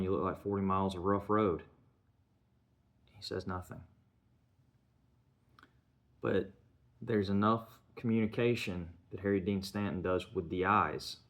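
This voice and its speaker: A man retelling a film's plot in a loose, conversational way, full of "you know" and "kinda" fillers. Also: sits low. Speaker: film reviewer. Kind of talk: casual film plot recap.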